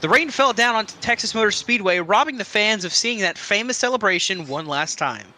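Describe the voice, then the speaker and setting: A man hosting a casual online trivia game, joking with players and reading clues quickly. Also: high voice, animated, bright, forceful tone.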